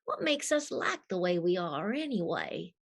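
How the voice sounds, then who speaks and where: Woman voicing Rogue, husky Southern drawl. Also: on the low side, big pitch swings, normal speed, over a noisy crowd. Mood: wistful. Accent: American Southern. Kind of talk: voice acting.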